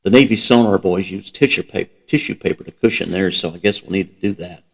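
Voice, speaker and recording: A man's voice: low voice, quick pace, vocal fry. A man voicing an eager, driven American woman codebreaker who talks urgently and breathlessly in a storybook reading.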